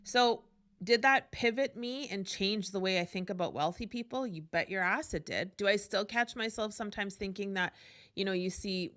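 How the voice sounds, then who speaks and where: A woman's voice: medium pitch, moderate pace, a bit bright. A woman hosting a podcast, telling a personal story in a casual, candid way with profanity and frequent asides. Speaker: podcast host.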